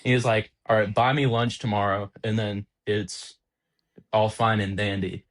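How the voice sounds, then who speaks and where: A young man on a podcast, an auto technician telling an animated, exasperated story about a workplace prank. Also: on the low side, moderate pace. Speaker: podcast co-host, automotive technician. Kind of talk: casual storytelling chat.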